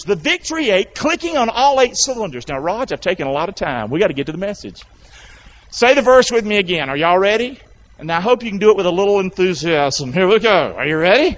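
A man preaching in a church with a high, lively voice that leaps up and down. He keeps pulling the congregation into call and response, asking them to repeat after him. The recording is dull and lo-fi. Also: normal speed. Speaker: pastor. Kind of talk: sermon. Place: church sanctuary. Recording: dull lo-fi sound.

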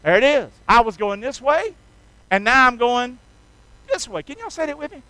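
A man's voice: extremely high pitch, sing-song, moderate pace, sharp tone, dry recording, low-quality recording. A man preaching a sermon in a folksy, emphatic way, drawing the congregation into call-and-response. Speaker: pastor.

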